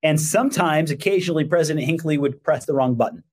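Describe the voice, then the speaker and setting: A middle-aged man with a slightly husky, somewhat higher voice, talking as an interview guest. He tells stories with animation and acts out the people in them. The tone is conversational. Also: quick pace. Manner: animated anecdotes, acting out quoted voices. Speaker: guest, religion teacher. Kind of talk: conversational storytelling.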